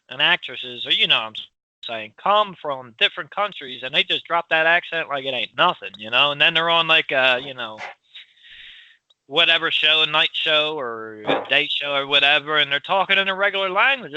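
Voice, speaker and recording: A man from Philadelphia with a Philly accent, co-hosting a casual chat, loud and rambling with frequent laughs. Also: fairly high pitch, lively intonation, normal speed, clean tone, no room sound, lo-fi sound. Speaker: podcast co-host.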